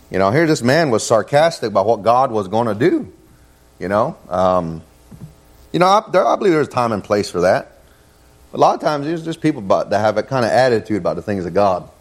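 Folksy preacher man, fillers and amens. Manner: folksy, peppered with "man" and "amen", rising in pitch when reading scripture. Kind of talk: sermon.

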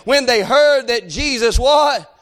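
A man preaching a fervent revival sermon to a congregation, often shouting and punctuating his points with amen and hey. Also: very high voice, takes it slowly. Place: church service before a congregation.

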